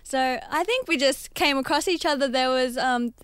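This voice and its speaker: A woman's voice: high-pitched, normal speed, a bit bright, smooth, no room sound. A young Australian woman, a guest on a radio show, speaking eagerly and articulately. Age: young adult. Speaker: studio guest. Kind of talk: radio interview.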